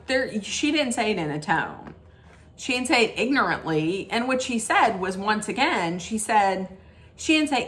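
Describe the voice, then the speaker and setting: A woman's voice: mid-range voice, big pitch swings, a little slow, fairly bright tone. A woman hosting a casual reality TV recap, ranting emphatically with disapproving "mm-mm"s and restarts. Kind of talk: casual opinionated recap rant.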